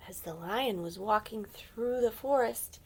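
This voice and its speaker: A woman reads a picture book aloud to young children in a slow, unhurried way. Her voice has a gravelly edge, and she often drops into a gentle whisper, adding playful animal sounds. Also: medium pitch. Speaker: storyteller for children.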